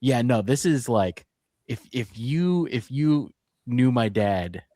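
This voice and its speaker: A man's voice: mid-range voice, expressive, slow, dark tone, dry recording, studio quality. A man co-hosting a casual podcast chat, playful and tired, often cutting in. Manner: playful, jumps in singing song lines. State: tired, up since early morning. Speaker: podcast co-host.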